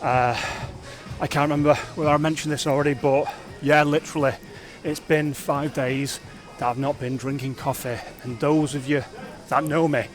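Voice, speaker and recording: A man talking casually to camera in a fitness vlog, energetic and rambling, reflecting openly on his days. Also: on the high side, normal speed, faint music behind. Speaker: fitness vlogger.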